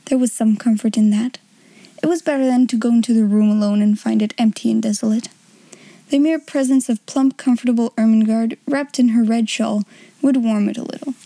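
A woman's voice: a little high, steady tone, fairly quick, dark tone, no room sound. A woman hosting an audiobook podcast, chatting casually and reading a children's novel aloud. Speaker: audiobook podcast host and reader.

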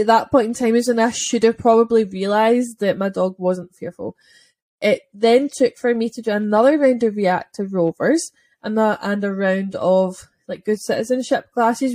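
A young Scottish woman, a dog trainer, chatting casually on a podcast and telling lively stories, acting out quick voices and swearing freely. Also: medium pitch, dry recording. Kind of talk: casual chat.

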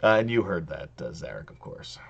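A man's voice: deep voice, very animated, brisk, gravelly, breathy edge, muffled recording. A man running a tabletop game as game master, narrating casually and laughing often.

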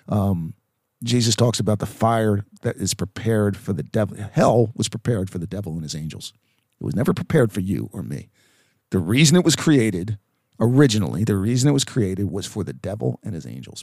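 A man's voice: lowish voice, very animated, moderate pace, creaky, a little mellow, dry recording, studio quality. A man preaching a recorded Bible talk in a conversational way, with frequent fillers and tag questions. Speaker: pastor. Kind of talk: recorded sermon podcast.

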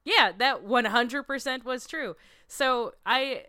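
A woman's voice: high-pitched, slow, sharp tone, dry recording, clean studio sound. A young woman co-hosting a comedy podcast, chatting casually in a giggly, outspoken way. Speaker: podcast co-host.

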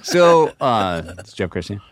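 A comedian on a podcast, telling a casual, profane backstage story. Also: male voice, lowish voice, unhurried, over a noisy crowd. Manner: profane, animated anecdote-telling. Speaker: guest comedian.

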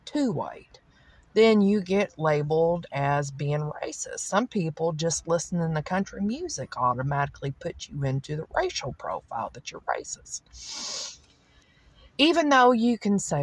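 A woman's voice: low voice, very animated, measured pace, slightly rough, no room sound. A woman from the American South with a Southern accent, talking through her opinions in a rambling solo podcast monologue full of fillers. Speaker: podcast host.

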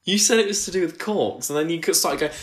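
A man's voice: a little high, fast talker. A young man co-hosting a podcast, teasing his partner and hesitating through fillers in casual banter. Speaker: podcast co-host.

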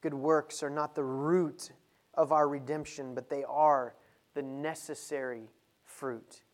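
Male preacher, sermon delivery, rises to emphatic peaks. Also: little pitch movement. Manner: builds from low and measured to loud and emphatic.

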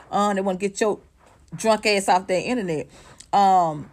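A woman's voice: medium pitch, normal speed, darkish tone. A woman giving heated celebrity gossip commentary, blunt and profane, firing off sarcastic rhetorical questions.

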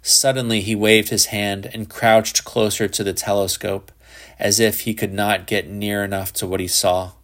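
A man narrating a literary short story in a measured, even audiobook reading. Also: on the low side.

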